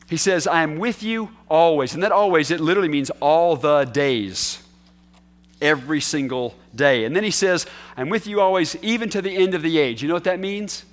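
A man preaching a sermon as pastor, earnest, moving from quiet asides to emphatic declarations. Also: a little high, moderate pace. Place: church hall.

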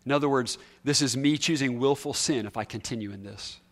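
A man preaching a sermon, emphatic, repeating key words and swinging between loud and soft. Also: mid-range voice, a little fast. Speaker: pastor.

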